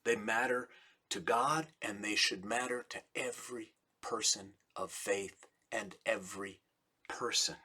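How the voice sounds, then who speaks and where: A middle-aged man, a rabbi, giving a slow, deliberate sermon with emphatic repetition. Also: lowish voice, fairly even intonation, pushed and bright, breathy edge. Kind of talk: recorded sermon message.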